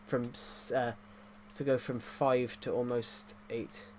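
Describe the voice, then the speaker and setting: This male streamer speaks slowly in a flat, medium-pitched voice, bantering loosely with his audience during a video game. He rambles, cracks jokes and often starts sentences over. There's a faint hiss or hum in the recording.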